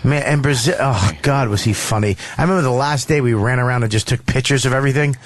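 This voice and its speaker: A man with an American accent telling profane, animated stories on a talk radio show, acting out quotes loudly. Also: mid-range voice, quick pace, noisy background. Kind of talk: casual storytelling on talk radio.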